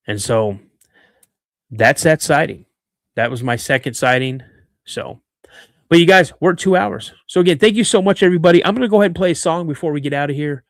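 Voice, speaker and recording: A man hosting a podcast, telling a story in an animated way with frequent restarts and asides. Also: a little high, fairly quick, dry recording, clean studio sound. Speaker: podcast host.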